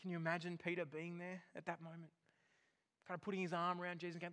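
A man's voice: sits high, monotone, quick pace, sharp tone, in a large hall. A man preaching a sermon as pastor, earnest and emphatic, often repeating a word as he builds a point.

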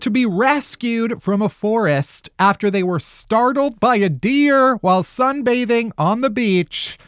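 A man's voice: extremely high pitch, animated, unhurried, few pauses, a bit bright, smooth, dry recording, studio quality, faint music behind. A man hosting a podcast, chatting and joking with many "like" fillers. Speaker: podcast host. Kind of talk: casual comedic podcast chat.

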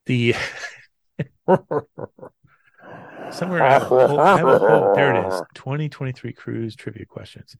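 A man's voice: medium pitch, lively intonation, unhurried, gravelly, pauses often, no room sound. Hesitant, dry-voiced male podcast host. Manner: hesitant, repeats words while thinking. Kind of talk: casual chat.

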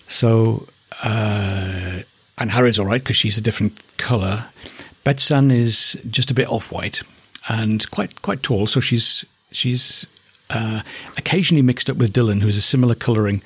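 A man's voice: lowish voice, normal speed, a bit bright, breathy edge, no echo. A middle-aged man from northeast England who keeps alpacas, chatting casually and fondly about them as he thinks aloud. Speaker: alpaca keeper. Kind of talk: casual spoken commentary.

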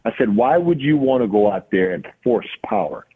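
Hitting coach guy telling a story, acts out both sides, husky, sounds like a phone line. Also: on the low side, expressive, normal speed. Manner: acts out quoted dialogue. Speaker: podcast guest, hitting coach. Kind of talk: animated storytelling.

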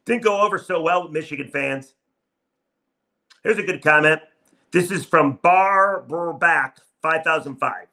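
Man, sports podcast host, bright higher voice, wry and self-mocking. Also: gravelly. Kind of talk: solo podcast, reading listener comments.

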